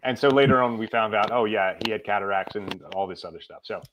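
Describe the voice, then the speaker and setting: A middle-aged man, a podcast guest, tells a personal story in a casual, animated way and acts out the lines he quotes. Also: fairly low pitch, fast, a little hiss or hum.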